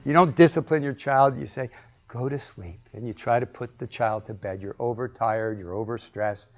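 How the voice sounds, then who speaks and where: A man's voice: mid-range voice, fairly even intonation, normal speed. A man teaching a Bible class, asking the group questions and acting out the lines he quotes. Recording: muffled lo-fi recording.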